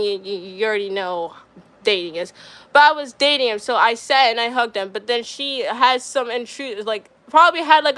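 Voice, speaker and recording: A woman's voice: high voice, sharp tone, dry recording. A young woman streamer telling a story in casual chat, rambling with lots of fillers and getting riled up.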